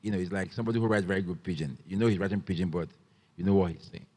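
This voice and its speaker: Man from Nigeria, lowish voice, halting moderator questions, long hall reverb. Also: warm tone. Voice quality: halting, full of fillers and restarts. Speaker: panel moderator. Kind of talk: panel interview. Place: festival stage.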